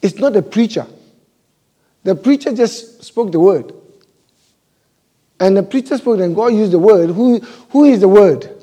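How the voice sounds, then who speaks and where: A man's voice: high-pitched, animated, a little slow, pauses often, warm tone. A male pastor preaching a sermon, asking the congregation question after question.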